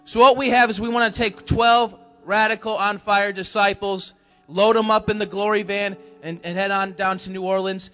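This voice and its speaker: A man's voice: high-pitched, fairly bright tone, muffled recording. A man making a church announcement, rallying people to sign up with an upbeat, encouraging manner. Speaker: ministry team leader making an announcement.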